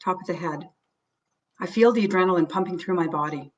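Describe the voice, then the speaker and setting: A middle-aged woman leading a guided tapping sequence. She names the tapping points low and soft, then says the panic phrases higher and louder. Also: a little fast, recorded from a distance, muffled recording. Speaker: tapping coach.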